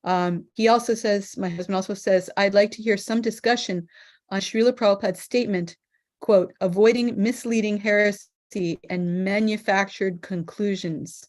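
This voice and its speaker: A woman moderating an online scripture study discussion, speaking thoughtfully with frequent pauses and fillers. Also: medium pitch, steady tone, darkish tone. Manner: thoughtful, hesitant, many fillers.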